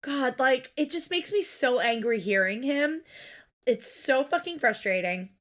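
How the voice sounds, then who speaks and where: A woman's voice: high voice, a little slow. A woman co-hosting a podcast, recapping a reality show in casual, exasperated chat and swearing freely. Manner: animated, exasperated, swears freely, acts out quotes. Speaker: podcast co-host.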